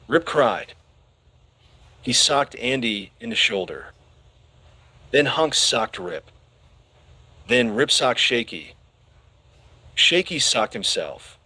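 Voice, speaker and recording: Slow expressive male audiobook narrator. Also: mid-range voice, no room sound. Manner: expressive storytelling.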